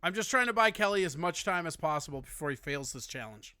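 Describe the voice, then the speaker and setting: A man's voice: fairly high pitch, expressive, quick pace, sharp tone, clean tone, no room sound, studio quality. A man hosting a casual call-in show, teasing and joking with his guest. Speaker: host.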